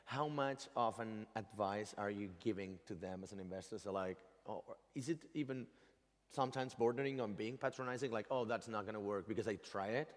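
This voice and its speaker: A man's voice: lowish voice, brisk. A man interviewing a guest on a conference stage, casual and playful in manner, blunt enough to swear. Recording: reverberant conference hall.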